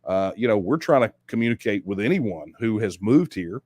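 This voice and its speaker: A man's voice: on the low side, expressive, normal speed, a little mellow, no room sound, studio quality. A man hosting a livestream, answering viewer questions in a conversational way, often repeating himself and speeding up when he makes a point. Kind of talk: livestream Q&A talk.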